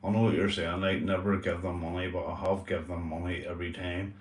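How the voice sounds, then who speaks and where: A man's voice: low-pitched, level tone, a little fast, reverberant, recorded from a distance. A man hosting a casual livestream chat, talking earnestly and repetitively, swearing and calling his viewers "mate". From Northern Ireland. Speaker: livestream host.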